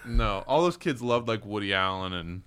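A man's voice: lowish voice, moderate pace, clean tone, no echo. A man co-hosting a casual talk show, telling funny stories and quoting people in exaggerated voices. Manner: lively, laughing, quotes others in exaggerated voices. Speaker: podcast co-host. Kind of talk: casual chat.

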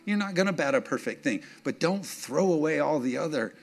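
A man's voice: on the high side, expressive, brisk, soft background music. A man delivering a sermon as a pastor, preaching conversationally and emotionally, with laughing asides to the congregation.

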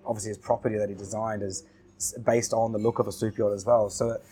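A man's voice: fairly low pitch, fast, a little hiss or hum. Laughing man telling stories on a podcast. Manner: relaxed storyteller, laughs often, repeats words. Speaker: podcast guest. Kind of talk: casual chat.

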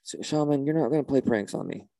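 A man's voice: medium pitch, fast talker, gravelly, warm tone, no room sound. A man leading a church service in a comedy sketch, talking in an exasperated, flustered way and often repeating himself.

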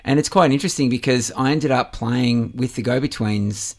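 A man's voice: mid-range voice, moderate pace. A middle-aged man, a musician guest in a radio interview, talking earnestly with many ums and uhs.

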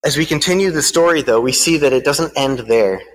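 A man's voice: medium pitch, fairly quick. A man giving a sermon to a congregation. He halts and repeats words while speaking freely, then reads a storybook aloud. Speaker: preacher. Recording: long hall reverb.

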